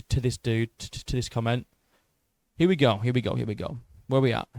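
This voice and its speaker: A young man recapping a fight in an excitable, boastful way, swearing and tripping over his words. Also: medium pitch, a little fast, gravelly, no echo, clean studio sound. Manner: boastful, excitable, swears a lot, stumbles and repeats. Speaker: MMA YouTuber.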